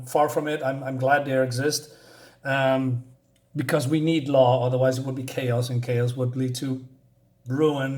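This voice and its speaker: A man casually reviewing a comic book, rambling with fillers and restarts, chuckling now and then. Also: mid-range voice.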